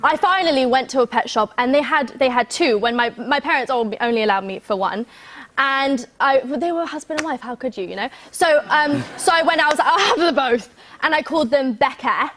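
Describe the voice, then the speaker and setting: A teenage girl chatting as a talk show guest, telling lively stories. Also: sits high, fairly quick. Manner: bubbly, animated storyteller. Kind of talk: casual chat.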